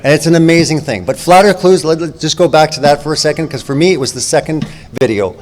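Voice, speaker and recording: A man's voice: on the high side, fast talker. Man introducing a speaker in a hall. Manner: enthusiastic, effusive praise. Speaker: conference presenter. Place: large conference room. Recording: reverberant hall with crowd.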